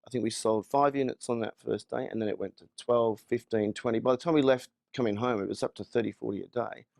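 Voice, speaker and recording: A man from Australia telling a story in an interview, lively and stammering now and then. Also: medium pitch, fast talker, creaky, no room sound, clean studio sound. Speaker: online seller sharing his story. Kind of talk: casual interview.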